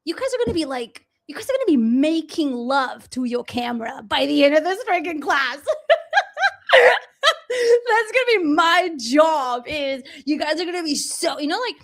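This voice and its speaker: Woman, high voice, bubbly and effusive, live-streamed class, home kitchen, webcam mic. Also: animated, normal speed, fairly bright tone. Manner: bubbly and effusive, gushing, laughs often. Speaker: online coach teaching a live class.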